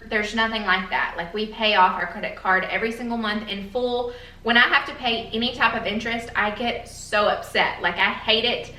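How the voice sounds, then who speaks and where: A woman's voice: medium pitch, steady tone, moderate pace, pushed and bright, reverberant, recorded from a distance, rough recording. A woman vlogger chatting earnestly to camera, rambling with fillers and a little emotional. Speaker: beauty vlogger. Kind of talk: casual chat to camera.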